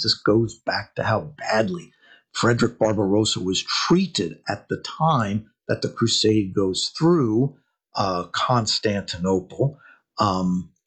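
A man's voice: fairly low pitch, breathy edge. A man giving a history lecture, telling it like a story with rhetorical questions and dramatic emphasis.

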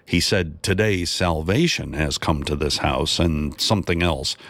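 Male reader doing an anxious, exasperated wife in a dry storybook reading, higher than his own low voice. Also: a bit bright, dry recording, heavily acted. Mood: fretful. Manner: quick, fretful complaining. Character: anxious, exasperated wife of a wealthy tax collector.

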